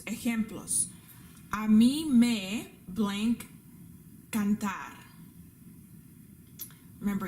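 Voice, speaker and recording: A patient woman teaching a classroom-style lesson, walking through rules step by step and repeating each point. Her voice sits at an ordinary middle pitch. A faint hiss of noise hangs under the recording. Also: a little mellow. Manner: patient, repeats rules and examples, checks in with "right?". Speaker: Spanish teacher.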